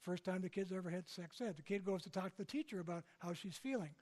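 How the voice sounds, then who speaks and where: An older Canadian man gives a public lecture conversationally, frequently checking in with listeners through tag questions. His voice is high and darkish in tone, and he talks fast.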